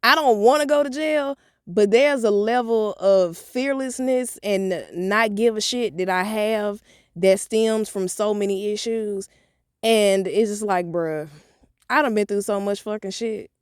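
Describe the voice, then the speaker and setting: A woman's voice: mid-range voice, unhurried, clean tone, no echo, clean studio sound. Blunt, cursing woman vlogger. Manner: animated, profane, blunt storytelling. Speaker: motivational vlogger. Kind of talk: storytime vlog.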